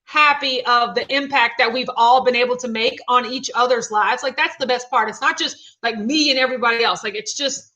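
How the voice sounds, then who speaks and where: Bubbly high-voiced woman livestream host. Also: brisk, hardly any pauses, pushed and bright, low-quality recording. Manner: bubbly, reads chat comments aloud. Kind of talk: casual livestream chat.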